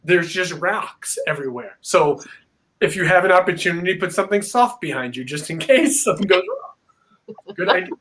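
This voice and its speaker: A man as a guest on a video-call interview, telling a story in a rambling, filler-heavy, animated way. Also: high-pitched, moderate pace. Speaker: paranormal investigator guest.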